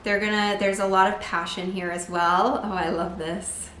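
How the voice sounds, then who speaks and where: A woman giving a casual tarot reading to camera, chatty and full of "like", breaking into excited bursts now and then. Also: medium pitch, normal speed, a little hiss or hum. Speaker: tarot reader. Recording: echoey room.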